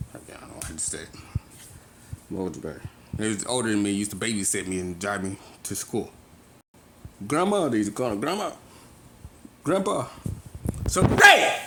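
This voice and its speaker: A man in his thirties from California, ranting on a phone video with an agitated, rambling delivery that swings from loud to soft. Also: fairly low pitch, reverberant, a little hiss or hum. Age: 30s. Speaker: vlogger. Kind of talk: casual rant to phone camera. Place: grocery store.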